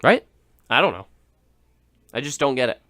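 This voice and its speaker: A man's voice: medium pitch, big pitch swings, moderate pace, bright, forceful tone. A young man hosting a radio show, rambling through a joking monologue with laughs and restarts. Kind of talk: casual comedic monologue.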